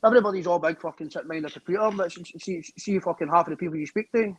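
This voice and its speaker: Fast, high-voiced, sweary male caller. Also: crowd noise, poor audio. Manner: sweary, rapid ranting. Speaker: caller on a livestream. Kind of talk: casual group call chat.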